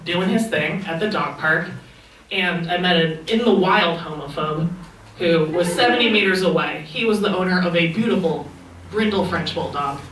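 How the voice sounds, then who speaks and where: A young woman comedian tells stories in a dry, wry stand-up manner. She is recorded from across an echoing club room, with steady noise in the background. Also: on the low side, normal speed. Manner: deadpan, wry storytelling. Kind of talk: stand-up set. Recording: echoey club sound from far off, noisy.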